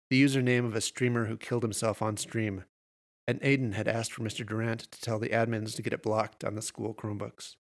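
Guy reading a horror story, gravelly voice, steady and measured. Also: mid-range voice. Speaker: narrator.

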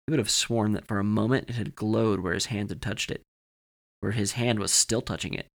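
A man with a low voice reads a scripted horror story for a podcast. His narration is measured and steady, moving evenly through the scene. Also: creaky.

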